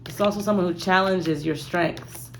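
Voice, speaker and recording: A woman's voice: lowish voice, moderate pace, a little hiss or hum. A woman giving a casual tarot reading, talking playfully and straight to her viewers. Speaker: tarot card reader.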